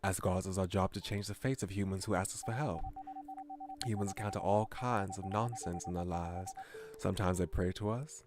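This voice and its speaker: A man's voice: deep voice, steady tone, normal speed, darkish tone, a little hiss or hum, voice pushed down, natural voice. A man voicing a haughty male dog god who talks down to everyone, reading visual novel lines. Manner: lordly, dismissive, bossy.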